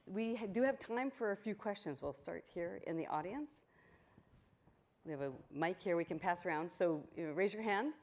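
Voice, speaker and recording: A woman's voice: fairly low pitch, animated, normal speed. A woman moderating audience questions at a talk, upbeat and encouraging.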